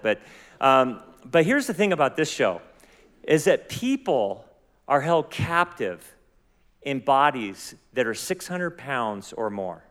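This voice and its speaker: A man's voice: a little high, a bit bright. A man preaching a sermon as pastor, earnest and often asking his listeners questions. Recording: long hall reverb.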